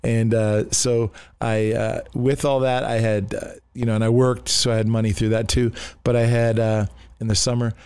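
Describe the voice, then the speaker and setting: A man's voice: mid-range voice, level tone, normal speed, few pauses, a little mellow, clean tone, no room sound. A middle-aged man from the United States, a pastor telling his life story in a casual podcast talk, rambling with restarts and acting out quoted voices. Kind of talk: casual testimony in a podcast conversation.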